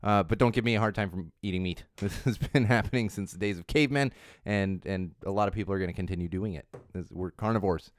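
A man's voice: low-pitched, fast. Chatty man in his thirties, rambling. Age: 30s. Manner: chatty, rambling, self-correcting with frequent restarts. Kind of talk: casual chat on social trends.

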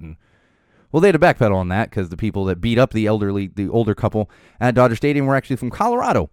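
Lively, rambling man hosting a podcast. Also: on the low side, racing, no room sound, clean studio sound. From Los Angeles area. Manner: rambling, animated, swears, laughs often, many fillers. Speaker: podcast host. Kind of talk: casual chat. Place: studio.

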